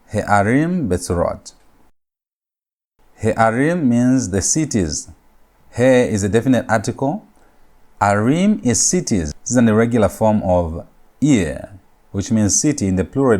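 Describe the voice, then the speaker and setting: Male lecturer with a lowish voice, steady and deliberate teaching delivery, repeats key rules, slows down for foreign words. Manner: slows down to spell out Hebrew words. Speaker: Hebrew grammar lecturer. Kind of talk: recorded classroom lecture.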